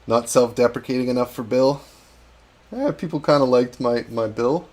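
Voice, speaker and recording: While painting miniatures on a hobby livestream, a man chats casually, reads out the chat and makes self-deprecating jokes. His voice is medium-pitched and darkish, at normal speed.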